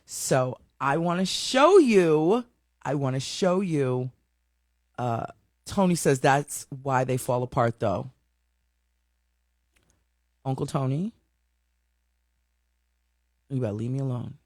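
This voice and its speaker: A woman hosting her own online show, telling a story in a chatty, animated way with lots of fillers and restarts. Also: very deep voice, slow, long pauses, no room sound, clean studio sound. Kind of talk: casual livestream chat.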